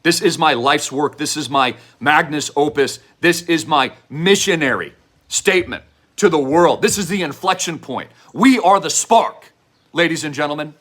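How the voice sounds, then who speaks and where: Man, fervent sales pitch, preachy and repetitive, bright forceful voice, fairly high pitch. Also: lively intonation, normal speed. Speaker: online show host pitching an investment project. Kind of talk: impassioned direct-to-camera pitch.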